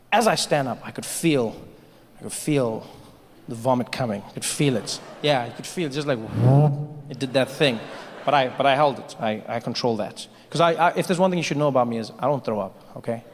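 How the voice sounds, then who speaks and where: A man doing stand-up comedy, telling stories with animated delivery and acting out characters. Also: mid-range voice, in a large hall, slight background noise. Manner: animated storytelling, acts out characters.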